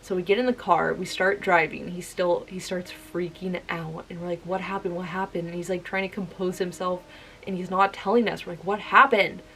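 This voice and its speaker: A woman's voice: lowish voice, flat delivery, moderate pace, creaky, slight background noise, poor audio. A young woman telling a spooky personal story to camera in a chatty, casual way, full of "like.". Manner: chatty, filler-heavy telling with many "like"s. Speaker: vlogger.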